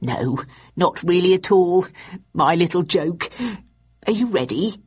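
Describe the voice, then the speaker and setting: A woman voicing an elderly, absent-minded male inventor in an audiobook, speaking slowly and gently in a lowered, husky voice. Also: animated, lo-fi sound. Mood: dry teasing. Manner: slow, measured and mild.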